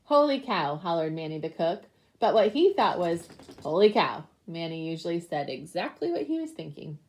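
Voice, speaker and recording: A young woman teacher reading a picture book aloud to her class, with lively animal sounds. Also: fairly low pitch, fairly quick.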